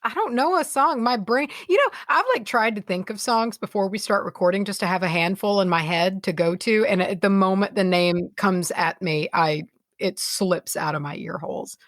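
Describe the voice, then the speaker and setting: A woman's voice: medium pitch, normal speed, no room sound. Giggly rambling woman podcaster, dry sound. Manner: rambling, giggly, self-correcting. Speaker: podcast co-host. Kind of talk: casual chat.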